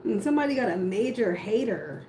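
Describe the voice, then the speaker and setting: A woman's voice: mid-range voice, sing-song, brisk, dark tone. A woman doing a casual tarot reading, musing aloud and talking bluntly, with casual swearing. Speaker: tarot reader. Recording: echoey room with audible background noise.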